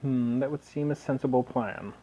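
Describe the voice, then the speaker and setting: A man's voice: mid-range voice, fairly even intonation, moderate pace, warm tone. Rambling man narrating gameplay. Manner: rambling, hesitant, chuckling. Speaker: let's play host. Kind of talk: casual gameplay commentary. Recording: dull lo-fi recording.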